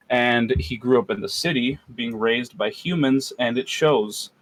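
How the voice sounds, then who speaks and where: A man's voice: lowish voice, poor audio. A man co-hosting a podcast as game master, chatting casually, rambling and joking with plenty of fillers. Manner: rambling, jokey, lots of fillers.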